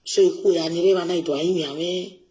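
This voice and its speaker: Man in a played clip, high-pitched, conversational. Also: steady tone, fast talker, darkish tone. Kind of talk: recorded clip played for reaction.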